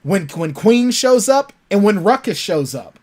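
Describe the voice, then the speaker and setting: A man, an author guest in a casual interview, telling lively stories about his characters. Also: high-pitched, unhurried. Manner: animated storytelling, acts out his characters.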